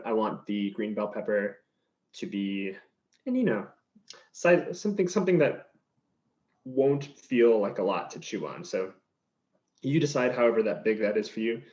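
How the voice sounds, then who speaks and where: In this cooking demonstration, a male chef chats easily about each step as he chops vegetables. His voice is on the low side and darkish, with a measured pace and long pauses. There's faint noise, and the sound is slightly dull.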